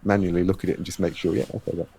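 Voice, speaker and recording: A man's voice: deep voice, little pitch movement, racing, creaky, warm tone, husky. A man being interviewed on a podcast, explaining at length with many fillers and quoted exchanges. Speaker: guest, head of a fitness race series.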